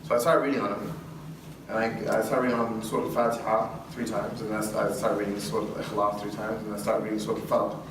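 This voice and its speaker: A man's voice: on the low side, fast talker. Man telling a story in an echoey hall. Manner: animated, acts out dialogue, laughs often. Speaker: guest speaker. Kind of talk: storytelling talk to a live audience. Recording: echoey hall from far off with room noise.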